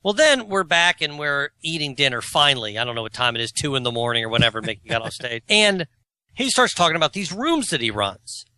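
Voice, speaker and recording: A man's voice: fairly high pitch, expressive, fairly quick, sharp tone, smooth. A man in his forties telling rambling, self-mocking stories in a casual podcast chat. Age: 40s. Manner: rambling storyteller, self-mocking, laughs at himself; opinionated and argumentative. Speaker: co-host.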